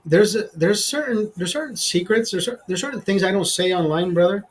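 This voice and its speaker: A man's voice: high-pitched, animated, a little fast. A man hosting a casual livestream chat, crude and profane, rambling with many restarts. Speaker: livestream host.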